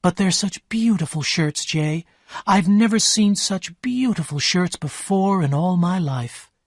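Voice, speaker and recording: A man reading the lines of an emotional, excitable young woman in a raised, gushing voice. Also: fairly high pitch, a little slow, no echo, studio quality.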